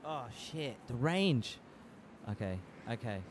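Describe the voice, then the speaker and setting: An excitable man streaming a game, his voice swinging widely up and down as he reacts. He laughs easily and throws out quick exclamations. There is faint noise behind him. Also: medium pitch. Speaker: gaming streamer. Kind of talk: casual gameplay commentary.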